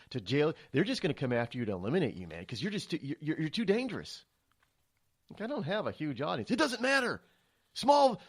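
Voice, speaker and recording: A man hosting a political talk radio show, rambling and stammering through a monologue with many restarts. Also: medium pitch.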